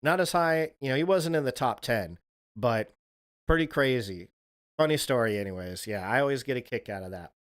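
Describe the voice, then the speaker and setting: Man, livestream host, casual storytelling, swears a lot, middle pitch, dry sound. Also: clean tone, dry recording. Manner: rambling, swears freely, laughs at his own stories.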